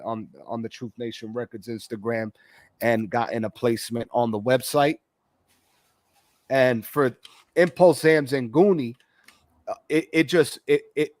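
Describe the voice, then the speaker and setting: Male host of a live music reaction stream, casual and halting, dry close sound. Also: medium pitch, dry recording. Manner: halting, restarts often, laughs between thoughts. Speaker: show host and music reviewer.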